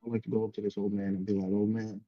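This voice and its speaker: A man playing a tabletop game, talking quickly and trailing off, over a buzzy online call. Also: lowish voice, flat delivery, slightly rough, no room sound, muffled recording, faint music behind. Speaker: player. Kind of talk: casual tabletop game chat.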